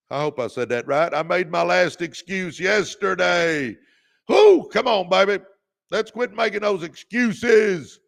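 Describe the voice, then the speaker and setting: A man with a high-pitched, gravelly, fairly bright voice hosts a motivational livestream as a podcast host. He urges viewers on in a revved-up, preacher-like way, calling them out by name.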